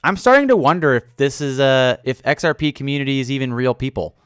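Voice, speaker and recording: A man hosting a casual livestream, reading chat comments aloud, joking with viewers and breaking into loud sudden outbursts. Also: medium pitch, lively intonation, fast, few pauses, clean tone, no echo, clean studio sound. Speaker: livestream host. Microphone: studio microphone.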